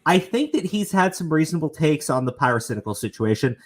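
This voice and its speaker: Brief: male stream host, lively pitch swings, rambling, swears freely. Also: fast talker. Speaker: show host. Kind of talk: casual commentary stream.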